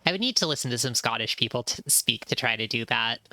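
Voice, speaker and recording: A woman's voice: extremely low pitch, lively intonation, quick pace, pushed and bright, dry recording. A woman streamer giving chatty, easily delighted commentary while playing a game. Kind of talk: casual gameplay commentary.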